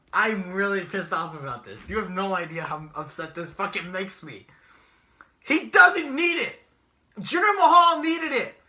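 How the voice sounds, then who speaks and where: A young man co-hosting a casual wrestling predictions podcast, ranting and cursing, rising into shouts when angry. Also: very high-pitched. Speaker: podcast co-host.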